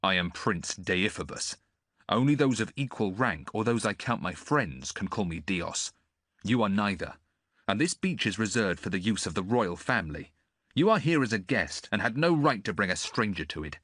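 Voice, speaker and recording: A man's voice: fairly low pitch, lively intonation, moderate pace, fairly bright tone, dry recording, studio quality. A man doing a haughty, scornful young prince. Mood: contemptuous. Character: proud, contemptuous young prince.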